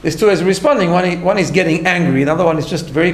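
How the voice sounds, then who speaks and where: A man's voice: on the high side, racing, slight background noise. Earnest male teacher in an echoey room. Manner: earnest, explains step by step, tags lines with "right?". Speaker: class teacher. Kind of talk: recorded class lecture.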